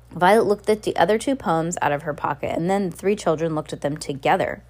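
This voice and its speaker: A woman's voice: fairly low pitch, brisk, few pauses, darkish tone. A woman casually reading a children's novel aloud, with small slips and restarts. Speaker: reader.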